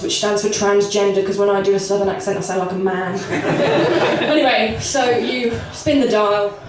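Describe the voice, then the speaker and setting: A young woman with a cold doing a rambling, self-deprecating stand-up set, giggling between asides. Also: mid-range voice. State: has a cold. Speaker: stand-up comedian. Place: comedy club stage. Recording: echoey club recorded from far off with audience. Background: live audience.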